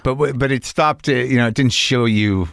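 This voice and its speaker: A man hosting a podcast, talking in a casual interview chat with quick interjections, recorded close on a studio mic. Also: medium pitch, creaky, no echo. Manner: animated, quick interjections, playful voice impressions. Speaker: podcast host.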